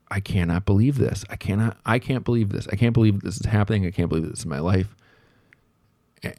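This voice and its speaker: Deep-voiced man rambling through a story. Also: a little mellow, no echo, studio quality. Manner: rambling, self-deprecating, reflective, many fillers. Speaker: podcast host telling a work story. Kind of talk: casual storytelling monologue.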